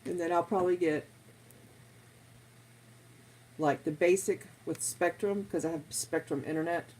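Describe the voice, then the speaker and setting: Lady rambling on her stream, kinda low voice, little bit of background hum. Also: steady tone, fairly quick, a little mellow, low-quality recording. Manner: rambling, chatty, drifting between topics. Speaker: streamer chatting with viewers. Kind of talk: casual live chat.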